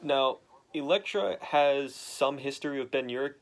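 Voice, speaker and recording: A young man talks through a comic book plot in a loose, rambling way, full of "like" and restarts. His voice sits at an ordinary middle pitch, and he slips into the characters' lines as he goes. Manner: rambling, filler-heavy retelling with quick quoted voices. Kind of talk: casual retelling of a comic story.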